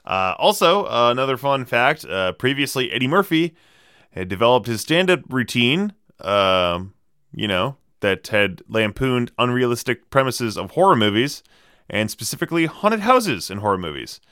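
A man's voice: mid-range voice, big pitch swings, normal speed, a bit bright, clean tone, no echo, studio quality. A man hosting a casual movie podcast, reeling off trivia in a wry, sardonic way with plenty of fillers.

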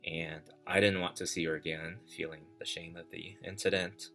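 A man telling a personal story as podcast host, reflective and halting, with many fillers and restarts. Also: low voice, level tone, fairly bright tone, faint music behind.

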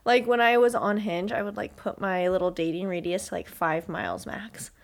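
A woman's voice: mid-range voice, steady tone, moderate pace. A young woman in her twenties, co-hosting a casual chat, playful and giggly with lots of "like" fillers.

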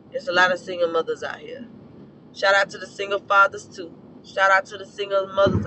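A hoarse man with a fairly high voice delivers a blunt, cuss-filled rant about parenting. His tone is preachy and direct. Loud traffic and outdoor noise sit clearly behind him. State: hoarse from a scorched throat. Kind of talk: casual opinion rant.

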